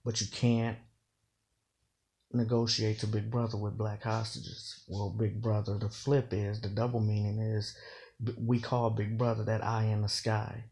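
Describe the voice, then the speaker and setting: A man's voice: lowish voice, level tone, unhurried, darkish tone. A man giving casual commentary on battle rap, explaining slang and double meanings and often saying "you know". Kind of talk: casual bar breakdown commentary.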